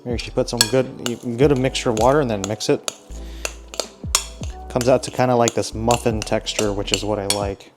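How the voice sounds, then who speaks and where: A man's voice: mid-range voice, fairly even intonation, normal speed, background noise. A young adult man chatting casually as he walks through his day of meals, upbeat and joking in asides. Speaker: fitness vlogger. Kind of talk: casual vlog narration.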